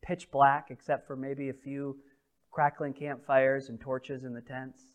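A man preaching a sermon, moving between loud proclamation and quiet, intimate storytelling, reading scripture slowly. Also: medium pitch, little pitch movement. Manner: dynamic preaching, swings from loud proclamation to hushed intimate delivery; reads scripture slowly and deliberately. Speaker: pastor.

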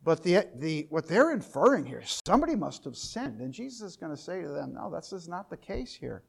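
High-voiced man teaching scripture. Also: big pitch swings, brisk, creaky, breathy edge. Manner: reads scripture aloud, then explains it; repeats key questions, rising to louder emphasis. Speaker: Bible teacher. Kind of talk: Bible study teaching.

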